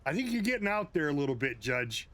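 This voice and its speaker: A man's voice: a little high, big pitch swings, fast talker, a bit bright. A man from the United States, a game streamer casually chatting and reacting to his viewers' comments with chuckles and asides. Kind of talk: casual chat with live viewers.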